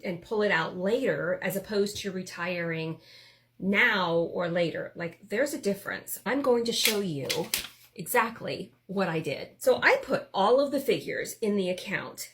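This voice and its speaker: A woman in her fifties tells a personal story straight to the camera. She speaks in a middle-pitched voice and rushes through some stretches. She acts out the people in her story as she goes. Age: 50s. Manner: animated, chatty storyteller who acts out quoted voices.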